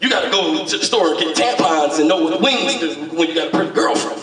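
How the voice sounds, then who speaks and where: A man performs stand-up in a high, bouncy voice that leaps around, cursing freely and laughing through his lines. He sounds far from the mic in a very echoey room, with a crowd laughing behind him. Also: fast. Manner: animated and profane, often laughing mid-line. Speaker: stand-up comedian. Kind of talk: stand-up comedy set. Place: room at a recovery meeting. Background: audience laughter.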